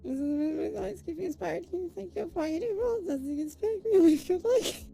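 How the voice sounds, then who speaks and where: A woman's voice: extremely high pitch, brisk, vocal fry, warm tone, faint music behind. A woman live streamer chatting casually with her viewers, thanking them by name and swinging between giggles and near tears.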